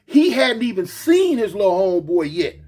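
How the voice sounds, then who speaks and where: A man telling a story from his past casually, slangy and animated, acting out the other voices. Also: high-pitched, normal speed, breathy edge.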